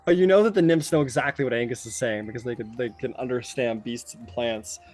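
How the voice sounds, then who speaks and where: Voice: mid-range voice, brisk, music in the background. A game master narrating a tabletop game in a casual, rambling way, with frequent fillers.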